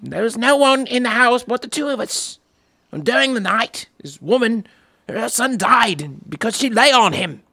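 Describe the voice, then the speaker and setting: A man putting on a shrill, melodramatic voice for a distraught mother pleading before a king. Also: takes it slowly, fairly bright tone, heavily acted.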